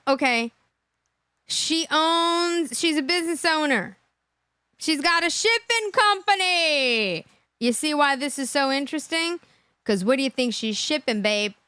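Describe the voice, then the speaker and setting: High-voiced woman doing livestream commentary, laughing a lot, dry close mic. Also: dry recording. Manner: animated, laughs often, talks to chat. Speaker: livestream host.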